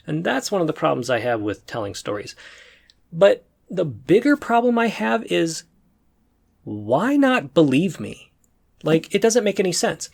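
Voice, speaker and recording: A young man spins a comic story straight to camera, recorded at home on a desk microphone. His voice sits a little high and swings all over, with a gravelly fry at the ends of phrases. He breaks into loud, high sound effects when the action heats up. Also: sing-song, normal speed. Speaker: comedy vlogger. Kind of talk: comedic storytelling monologue to camera. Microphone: desk USB microphone.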